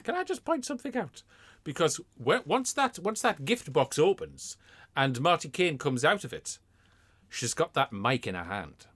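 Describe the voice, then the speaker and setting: A man chats and jokes in a lively, sweary way, full of mock outrage. His voice sits a little high and swings widely in pitch as he tells the story. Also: normal speed. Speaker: podcast co-host. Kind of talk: casual comedic chat reviewing an old TV show.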